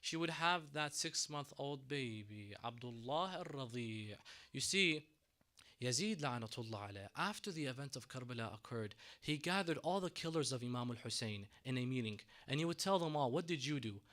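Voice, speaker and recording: A man giving a sermon in a mosque, telling a story dramatically, swinging between hushed and raised delivery. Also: medium pitch, lively intonation, moderate pace. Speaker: mosque lecturer.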